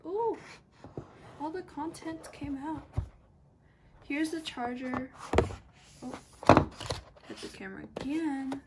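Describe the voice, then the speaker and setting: A young woman filming an unboxing vlog, excited and gushing, sometimes dropping to a whisper. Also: high voice, takes it slowly, long pauses, very noisy. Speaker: YouTuber.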